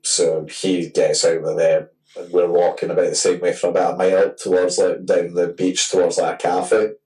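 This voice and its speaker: A man's voice: deep voice, flat delivery, normal speed, a little mellow, distant mic, rough recording. A man in his twenties co-hosting a podcast, telling a long rambling story in casual chat and swearing freely. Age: 20s. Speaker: podcast co-host.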